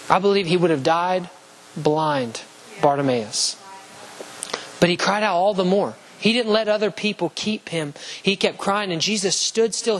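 A man preaching a sermon with passion, using repeated rhetorical lines and rising toward shouts on key phrases. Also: sits high, slight background noise, poor audio. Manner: repetitive rhetorical lists and questions.

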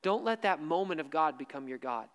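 A man preaching a sermon, emphatic, repeating key lines slowly for stress. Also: on the high side, lively intonation, clean tone, in a large hall.

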